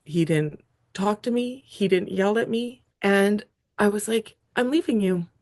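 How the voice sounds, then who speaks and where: A woman's voice: mid-range voice, unhurried. A woman guest on a podcast telling a personal story with feeling, acting out what she said back then. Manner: animated, acts out her own past lines.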